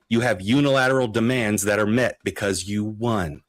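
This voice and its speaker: A male panelist arguing his case, laying out points slowly and deliberately. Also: lowish voice, fairly even intonation, no room sound. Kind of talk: panel debate.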